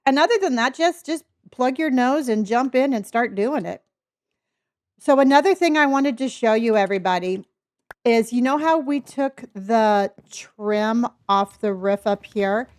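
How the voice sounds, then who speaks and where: A woman's voice: a little high, measured pace, no echo. Chatty older woman streamer. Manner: chatty, greets viewers by name, thinks aloud. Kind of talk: casual live-stream chat while building.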